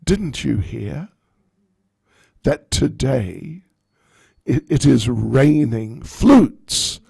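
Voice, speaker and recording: A man voicing a bold, quick-witted young woman who makes arrogant, dismissive retorts. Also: medium pitch, very animated, gravelly, mellow, slightly rough, no echo, heavily acted.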